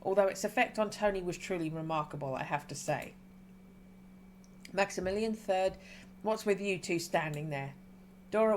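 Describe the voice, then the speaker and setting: A woman streamer reading a game's dialogue aloud and reacting with excited squeals between calmer reading. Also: mid-range voice, slight background noise.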